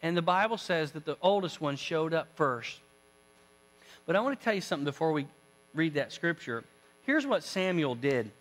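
A male pastor with a high voice tells a scripture story in a folksy, animated way, full of asides to his listeners. His voice carries the long reverb of a church sanctuary. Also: normal speed. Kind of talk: storytelling sermon.

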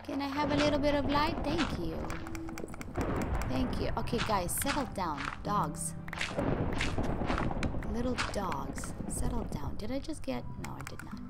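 A woman's voice: fairly high pitch, animated, a little slow, long pauses. Chatty woman playing a game over music. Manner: chatty, playful, talks to viewers and her dogs. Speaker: gaming YouTuber. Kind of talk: casual gameplay commentary.

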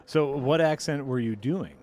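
A man's voice: mid-range voice, moderate pace, darkish tone, slight background noise. A man hosting a gaming stream, playfully chatting with his co-host and viewers while he plays. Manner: playful, talks to chat while playing. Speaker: host playing a game on stream. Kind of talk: casual gaming chat.

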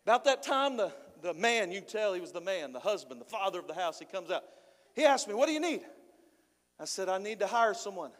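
A man preaching a sermon, telling a folksy story in an animated way, with frequent repeats and restarts. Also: sits high, quick pace. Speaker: pastor. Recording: long church hall reverb.

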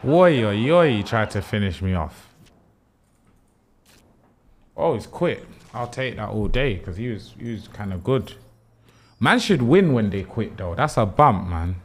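A man's voice: on the low side, sing-song, a little slow, long pauses. A young man, brash and trash-talking, swearing freely as he plays and comments on a football video game live. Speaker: streamer.

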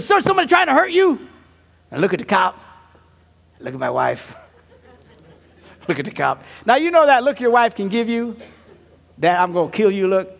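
A man who is a pastor and comedian, telling comic stories in a sermon, dropping to mumbled asides and jumping to loud punchlines, laughing at his own jokes. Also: high voice, gravelly.

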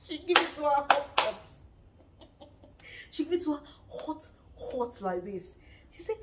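Nigerian woman vlogger, high-pitched and animated, recorded a little off-mic. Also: measured pace, pauses often, recorded from a distance. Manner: animated, dramatic, laughs often. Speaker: reality-show reviewer. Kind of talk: casual gossip commentary.

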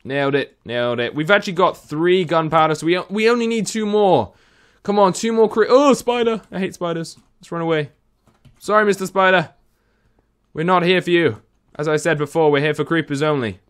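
A young man giving excitable gameplay commentary, chatting to the creatures on screen and to his viewers. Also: a little high, brisk. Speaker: gaming video host.

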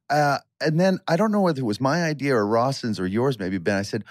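A man's voice: medium pitch, quick pace, hardly any pauses, dry recording, clean studio sound. A man co-hosting a podcast, recalling a story in a rambling way in casual chat with quoted asides. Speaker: podcast co-host.

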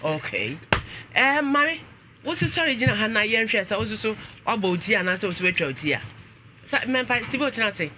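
Bright-voiced Ghanaian male talk show host. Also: sits high, very animated, normal speed, slight background noise. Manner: mixes English and Twi, exclaims often.

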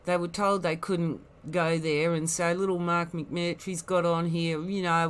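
A woman's voice: lowish voice, flat delivery, measured pace, few pauses, clean tone. A woman giving rambling, critical commentary, full of asides and scorn. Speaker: online commentator.

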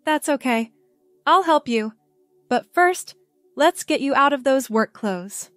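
A woman voicing an affectionate young girlfriend who speaks softly and encouragingly. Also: sits high, expressive, takes it slowly, no echo, soft background music, voice pushed up, exaggerated voice. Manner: soft, encouraging, tender.

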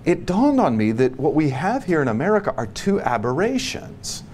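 A man giving a long spoken answer in a book study, emphatic and repetitive, dropping quiet and low on solemn points. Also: sing-song, moderate pace, slight background noise. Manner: emphatic, repeats key phrases, many restarts.

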